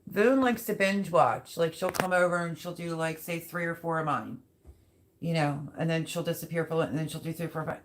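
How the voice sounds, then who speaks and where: A woman's voice: deep voice, brisk, noisy background. A woman chatting loosely on her live stream and talking straight to the people watching. She rambles from one thing to the next in an easy, conversational way while she reads out viewer comments. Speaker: livestream host reading chat. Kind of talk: casual live-stream chat.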